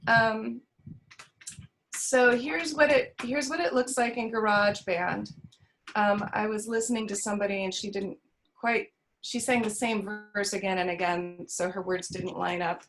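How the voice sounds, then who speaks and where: A woman's voice: mid-range voice, fairly even intonation, measured pace, a bit bright, slight background noise, rough recording. A choir director with a Californian accent explains her teaching on a video call. She talks in a thoughtful way, with many ums and restarts.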